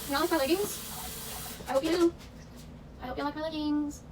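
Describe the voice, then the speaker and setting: Fast-chatting young woman in a kitchen. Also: sits high, steady tone. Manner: chatty, self-mocking, breaks into snatches of show tunes. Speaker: vlogger. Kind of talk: casual baking vlog chat. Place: home kitchen. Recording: distant camera mic with noise.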